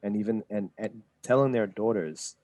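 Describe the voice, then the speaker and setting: A man's voice: fairly low pitch, moderate pace, warm tone, dry recording. A man co-hosting a casual podcast, chiming in with slangy remarks. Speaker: podcast co-host.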